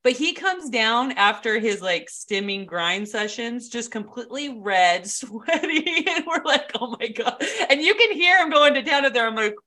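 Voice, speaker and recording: Chatty, bright-voiced woman laughing often. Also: a little high, expressive, normal speed, hardly any pauses. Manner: candid, laughs often, quotes people in a shifted voice. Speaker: podcast co-host. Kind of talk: casual chat.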